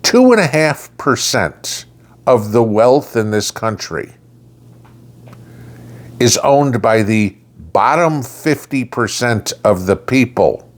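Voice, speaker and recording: A man's voice: mid-range voice, big pitch swings, slow pace. A middle-aged man with a blunt, lecturing and sarcastic way of talking, delivering a casual opinion monologue as a channel host.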